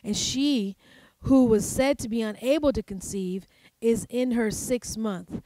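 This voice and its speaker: A woman pastor preaches in a loose, conversational style, with playful asides and frequent laughter. Her voice sits a little high. The sound is dry and close, with almost no room echo. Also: a little slow, mellow. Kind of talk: sermon.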